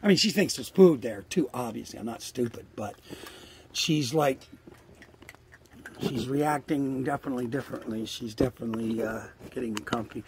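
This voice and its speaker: In casual outdoor vlog narration, an older man with a mid-range voice speaks at normal speed by a trailer near the woods. He rambles, fondly coaxes animals, and swears occasionally, and there's background noise.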